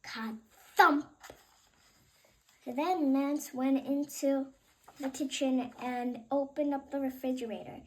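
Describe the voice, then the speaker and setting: A woman reading a children's picture book aloud in an expressive, unhurried way. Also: high voice, poor audio. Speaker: reader. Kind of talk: children's storybook read-aloud.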